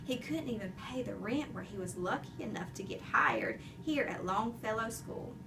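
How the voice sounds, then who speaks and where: A woman narrating a children's chapter book in an expressive, animated storytelling way. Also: mid-range voice, moderate pace, recorded from a distance, noisy background. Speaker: audiobook reader.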